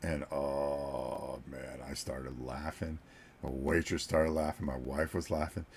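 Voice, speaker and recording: A man's voice: extremely low pitch, level tone, slow, gravelly, darkish tone, slight background noise. A man in his sixties, a board game channel host, telling a story to viewers in a casual, joking way and chuckling between sentences. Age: 60s.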